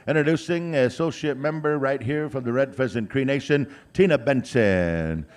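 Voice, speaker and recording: A man's voice: mid-range voice, normal speed. A man emceeing a powwow outdoors, drawing out names as he announces them, with frequent "uh" fillers and joking asides. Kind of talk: live announcing with jokes.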